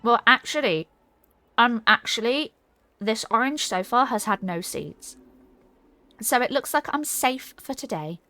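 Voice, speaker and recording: A woman's voice: on the high side, expressive, measured pace, bright, forceful tone, no echo, faint music behind. A woman streamer chatting casually and rambling while playing a game, reading her chat aloud.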